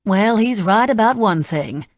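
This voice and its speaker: A woman's voice: mid-range voice, expressive, a little slow, dry recording, pitched above the performer's own voice. Woman reading a frank Southern housekeeper. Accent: slight Southern US. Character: warm middle-aged housekeeper woman, frank.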